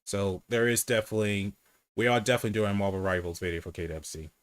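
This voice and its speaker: A man hosting a casual livestream chat, candid and profane, who says he speaks low and rambles with restarts. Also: fairly even intonation, quick pace.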